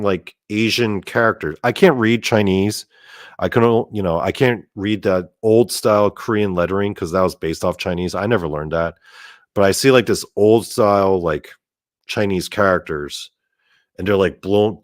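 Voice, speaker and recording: A man telling a story in a casual monologue, animated and profane, with lots of "like" fillers. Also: fairly low pitch, no room sound, clean studio sound. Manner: animated and profane, heavy use of "like". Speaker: storyteller host.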